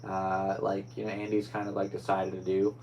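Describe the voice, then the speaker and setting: A man's voice: low voice, monotone, moderate pace, a little mellow, a little hiss or hum, poor audio. A man hosting his own podcast alone, talking in a rambling, easygoing way with upbeat sign-offs. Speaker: podcast host. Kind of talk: casual solo podcast chat.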